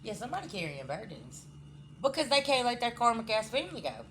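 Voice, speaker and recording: A woman's voice: fairly high pitch, big pitch swings, fast talker, fairly bright tone, slight background noise. A woman giving a casual spiritual reading to her viewers, blunt and scolding, swearing freely and checking in with "okay?" as she goes. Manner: addresses viewers directly, frequent "okay?" checks. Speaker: spiritual card reader.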